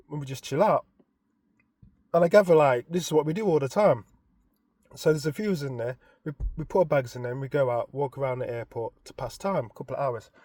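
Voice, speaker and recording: A man, casually retelling a story in an animated, expressive way. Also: a little high, no echo, clean studio sound. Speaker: vlogger.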